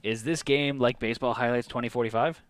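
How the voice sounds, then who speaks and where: A man's voice: medium pitch, fast, clean tone. A man co-hosting a streamed board game night, reading event cards aloud and teasing his friend in casual chat. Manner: lively, reads rules aloud, teasing.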